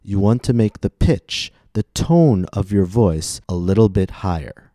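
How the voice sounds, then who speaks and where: A man with an American accent hosting a scripted pronunciation lesson, explaining slowly and humming out word melodies. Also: on the low side, lively intonation, mellow, dry recording, studio quality. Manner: slow, deliberate, demonstrates words with hummed melodies. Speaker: podcast host and pronunciation teacher. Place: New York City.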